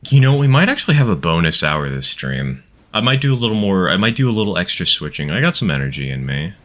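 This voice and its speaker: A man's voice: deep voice, very animated, fast, a bit bright. A man streaming a game live, chatting casually with his viewers and laughing often. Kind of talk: casual live-stream chat while playing.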